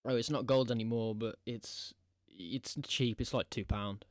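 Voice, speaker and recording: A man's voice: medium pitch, fairly even intonation, unhurried, dry recording, clean studio sound. A man hosting a podcast in casual chat, joking, swearing a lot and rambling between thoughts. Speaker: podcast host.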